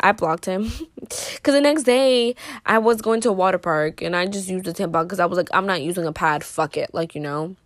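A woman's voice: on the low side, no echo. A teenage girl tells a story in a loose, rambling way, leaning on "like" and "you know" throughout. Her delivery is playfully dramatic and joking. Her voice is recorded dry and close, with no room sound. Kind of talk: casual storytime monologue.

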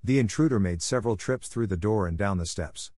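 A man's voice: lowish voice, a little fast, dry recording, studio quality, close to an everyday voice. A man doing a shy little terrier. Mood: telling. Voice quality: soft, self-effacing.

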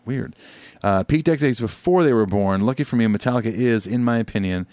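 A man co-hosting a podcast in casual chat, reading a listener email aloud, stumbling and filling pauses as he goes. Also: mid-range voice, a little mellow, dry recording. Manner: chatty, stumbling over words, frequent fillers. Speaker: podcast co-host.

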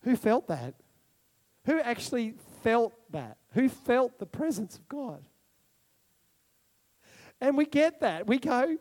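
A man preaching a sermon to a church congregation, animated and exclamatory, with sudden whoops. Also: extremely high pitch, takes it slowly, pauses often. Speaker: pastor. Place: church hall.

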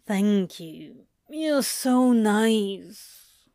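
Drowsy mumbling young man voiced by a woman, lower and quieter, slow and smooth. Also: no echo, clean studio sound. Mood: sleepy. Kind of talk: fan fiction reading.

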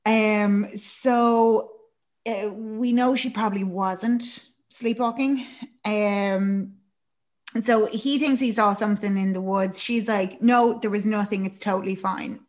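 A chatty woman talks through a film's plot in a relaxed, casual way. She fills her recap with ums and likes, and she briefly acts out the characters' lines. Her voice sits at an ordinary middle pitch. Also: slow. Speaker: podcast co-host.

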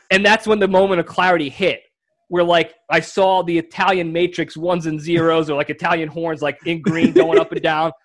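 A young man with a high, light voice chats on a casual comedy podcast. He spins his stories with lively impressions and easy laughter, riffing with his co-host. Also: normal speed. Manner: animated storyteller, acts out voices and laughs.

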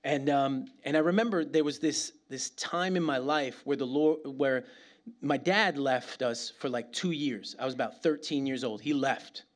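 A middle-aged New York City pastor preaches a sermon in a lively, conversational style loaded with slang and asides. His voice is medium-pitched, and he keeps a moderate pace.

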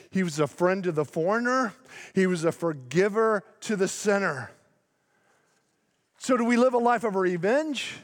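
A male pastor preaching a sermon in a church, emphatic and slowing down to stretch out key words. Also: sits high. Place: church sanctuary. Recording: long hall reverb in a large sanctuary.

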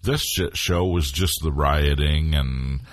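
A man's voice: extremely low pitch, slow, no echo. A man co-hosting a casual podcast, giving blunt opinions with dry humor. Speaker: podcast co-host. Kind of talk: casual chat.

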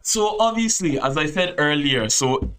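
A man's voice: a little high, measured pace, clean tone. Young man telling a story. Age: 20s. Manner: animated, swearing, laughing through the story. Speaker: podcast host. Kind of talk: casual storytelling chat.

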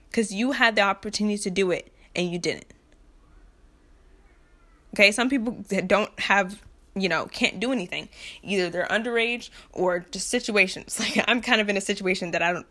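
A woman's voice: mid-range voice, fairly bright tone. A young woman from the United States delivering an impassioned, frustrated rant to camera, blunt and repetitive, with nervous laughs between points. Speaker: vlogger.

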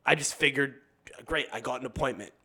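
Young male podcast guest, mid-pitched, casual and profane, tells anecdotes and does quick voices of others. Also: bright, forceful tone, husky. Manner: profane, rambling storyteller.

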